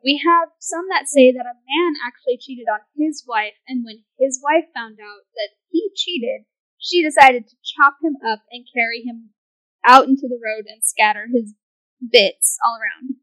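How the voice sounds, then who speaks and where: High-voiced, giggly woman storyteller. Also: a little slow, a bit bright, no room sound, low-quality recording. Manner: giggly, laughs through her storytelling. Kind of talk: casual storytelling chat.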